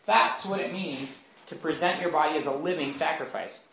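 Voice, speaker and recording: A somewhat high-voiced man teaching scripture in an informal, chatty way, often checking whether his listeners follow. He sounds far from the mic in a very echoey room with a faint background hum. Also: normal speed, gravelly, fairly bright tone. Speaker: speaker at a campus Bible group. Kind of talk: conversational Bible teaching.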